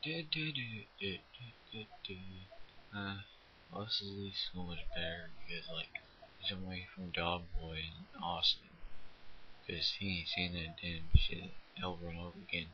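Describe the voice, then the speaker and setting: A man's voice: sits low, little pitch movement, normal speed, highs cut off. Man grumbling with stumbling repeats. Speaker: home video maker. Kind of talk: homemade comedy skit. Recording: quiet voice recorded at night.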